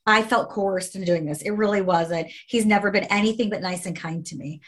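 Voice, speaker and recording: A woman's voice: mid-range voice, fairly quick, a bit bright. A woman in casual conversation who tells a story emphatically, repeating phrases and swearing.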